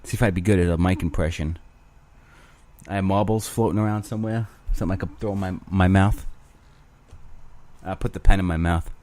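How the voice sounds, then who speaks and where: A man's voice: sits low, fairly even intonation, fairly quick, pauses often, a little mellow. A man hosting his own show alone, rambling crudely with self-mocking humor. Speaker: podcast host. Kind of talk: casual solo rambling.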